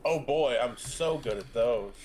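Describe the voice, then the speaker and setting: A man's voice: mid-range voice, measured pace, a little mellow. A man playing in a tabletop game, making dry, self-mocking remarks. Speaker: player. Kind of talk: casual play at the table.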